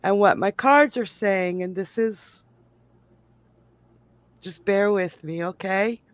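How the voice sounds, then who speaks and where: A woman psychic medium giving an emotional live reading in a slow, tender, halting way. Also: medium pitch, no room sound. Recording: dull lo-fi sound.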